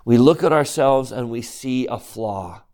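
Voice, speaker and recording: A man at a middle pitch leads a scripture lecture. He keeps questioning his listeners and moves between quiet, reflective asides and emphatic climbs. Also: a little slow. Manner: questions the class directly. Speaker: religious teacher.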